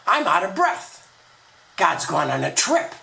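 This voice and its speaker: A man's voice: sits high, gravelly, pushed and bright, echoey room, heavily acted. A man voicing a brash first man who speaks bluntly and defiantly toward God.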